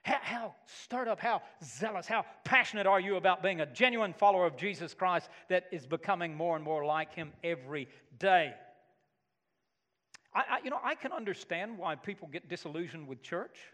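A middle-aged male pastor preaching a sermon, animated and given to loud emphatic bursts. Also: high-pitched, normal speed, in a large hall.

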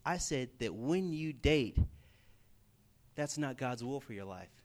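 A man preaching a sermon to a live audience in an animated, emphatic way, repeating his points for stress. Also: mid-range voice, takes it slowly.

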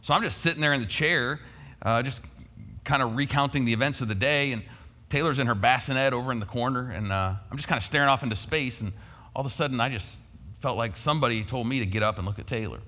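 A man's voice: medium pitch, fast, sharp tone, long reverb tail. A man preaching a sermon, telling a personal story in a folksy, conversational way. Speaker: pastor.

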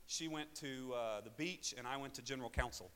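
A pastor with an Arkansas accent shares a personal testimony in his sermon, swinging from loud preaching to quiet asides. His voice is medium-pitched and brisk, with a faint hiss or hum and hall reverb on the recording.

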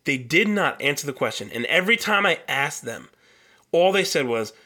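A man's voice: a little high, big pitch swings, normal speed, sharp tone. A young man hosting a solo podcast, telling a long story in a heated, profane rant. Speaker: podcast host.

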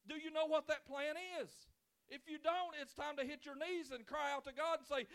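Impassioned high-voiced preacher man. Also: fairly even intonation, normal speed. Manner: impassioned preaching, swings from loud pleading to quiet intimacy. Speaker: pastor. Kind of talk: sermon. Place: church sanctuary.

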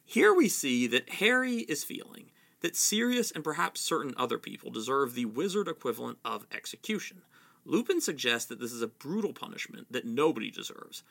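A man giving measured, explanatory commentary on a novel. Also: medium pitch, very animated, vocal fry, fairly bright tone. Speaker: literary commentator. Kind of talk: analytical book commentary.

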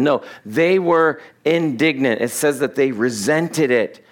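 A man's voice: mid-range voice, takes it slowly. A middle-aged man, a pastor, preaching an expository sermon in a loose, conversational way, laughing at his own asides and acting out the people in the text. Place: church sanctuary.

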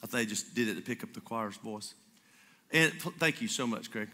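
A pastor with a voice on the low side talks a bit fast, performing the voices in his sermon stories with lively energy. The recording comes from a stage microphone in a church sanctuary with a congregation, and the hall reverberates.

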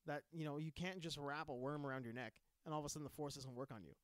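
A man in casual chat about comics and films, animated and swearing freely, acting out little quotes. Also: a little high, fast talker, clear, resonant tone, no echo.

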